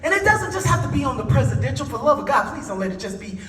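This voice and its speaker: A woman's voice: high voice, very animated, racing, a bit bright. A woman giving an impassioned conference speech with a preacher-like cadence, folksy and rousing as she talks straight to the crowd. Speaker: conference speaker. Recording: echoey hall from a distance, with crowd and music.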